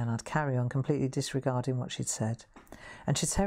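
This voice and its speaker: Low-voiced chatty woman. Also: fairly even intonation, fast, mellow. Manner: chatty, self-deprecating, reassuring. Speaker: craft host. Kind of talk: live craft demonstration.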